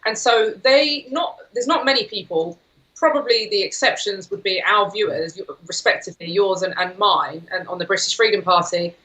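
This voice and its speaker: A woman speaking as a guest on a political talk show, forceful and indignant. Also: medium pitch, moderate pace, rough recording.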